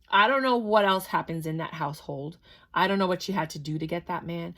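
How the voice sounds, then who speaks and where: A woman's voice: on the low side, fast, fairly bright tone. A woman giving a casual, chatty tarot reading to camera, talking in a matter-of-fact way with lots of fillers. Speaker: tarot reader.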